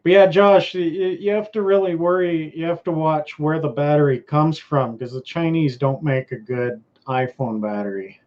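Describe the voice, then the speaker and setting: A man's voice: a little high, moderate pace, few pauses. A Canadian man hosting a casual live-stream chat, rambling and laid-back, trailing off and restarting his sentences. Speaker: host. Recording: dull lo-fi stream audio.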